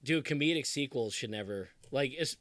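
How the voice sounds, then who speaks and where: A man in his thirties co-hosting a casual podcast chat, animated and quick to quote movie lines in put-on voices. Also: medium pitch, dry recording. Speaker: podcast co-host.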